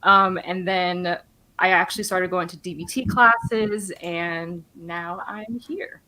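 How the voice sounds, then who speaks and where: A woman's voice: on the low side, fairly even intonation, slow pace, bright, forceful tone. A young adult woman guest on a video call, speaking casually with many fillers and frequent laughs. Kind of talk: casual interview talk.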